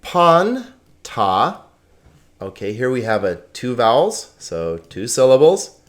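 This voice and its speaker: A man teaching a lesson, speaking slowly and carefully, sounding out words syllable by syllable and checking in with the class. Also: medium pitch, very animated, a little mellow. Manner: slow, deliberate, repeats words syllable by syllable; checks in with "okay?" and "right?". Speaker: Greek teacher.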